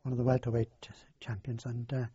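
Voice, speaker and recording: An older man, recounting his past in a halting, rambling way in an oral history interview. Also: mid-range voice, completely flat delivery, dark tone, slightly rough, no room sound. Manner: halting, rambling storyteller with many fillers. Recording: dull lo-fi dry recording.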